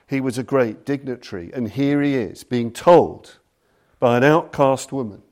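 A man lecturing on Buddhism, telling a story slowly and deliberately and reading passages aloud. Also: mid-range voice, darkish tone.

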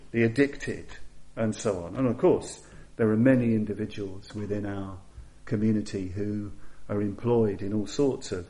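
Measured male Buddhist teacher giving a talk. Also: on the low side. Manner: measured, repeats phrases for emphasis, drops to a soft hush for quoted lines. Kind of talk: dharma talk.

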